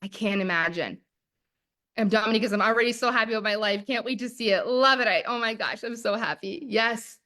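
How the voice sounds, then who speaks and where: A woman in her thirties giving a motivational masterclass as a manifestation coach, talking in an excited, emphatic way and repeating her key phrases. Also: fairly high pitch, a little fast.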